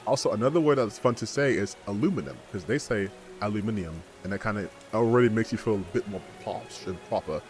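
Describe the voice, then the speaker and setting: Male game streamer, low voice, chatty, playful fake-British tries. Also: animated, fast talker, few pauses, a little mellow, faint music behind. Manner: chatty, joking, playing with a mock British enunciation. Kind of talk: gaming livestream commentary.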